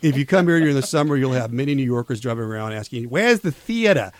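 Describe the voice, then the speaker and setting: A man's voice: medium pitch, very fast, darkish tone. A man in his fifties hosting a college radio show, telling stories in a loose, rambling way with many restarts. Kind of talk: casual on-air chat. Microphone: studio microphone.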